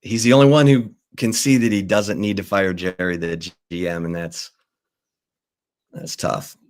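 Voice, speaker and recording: A man hosting a sports talk show, telling a long reporter's story in a lively, casual way and acting out the people he quotes. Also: sits low, unhurried. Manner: acts out quoted people in changing voices. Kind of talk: animated storytelling.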